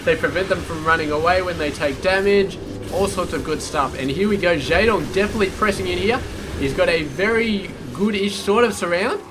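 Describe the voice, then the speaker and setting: Guy casting a strategy game by himself, kinda high voice, laid-back chatter, hiss in the background. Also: fairly quick. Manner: casual, chatty, with filler asides. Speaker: game caster. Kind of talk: solo esports commentary.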